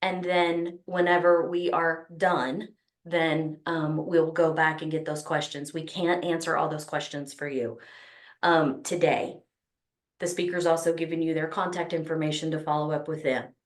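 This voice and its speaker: A woman's voice: low-pitched, little pitch movement, normal speed, echoey room. A woman with a Texas accent hosting an online business summit, talking enthusiastically with many ums and restarts. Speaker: summit host. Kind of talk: opening remarks at an online summit.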